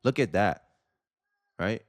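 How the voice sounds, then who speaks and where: A young man in his twenties hosting casual political commentary, talking in an animated, sarcastic and colloquial way. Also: fairly low pitch, slow, no echo, clean studio sound. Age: young adult, 18 to 29.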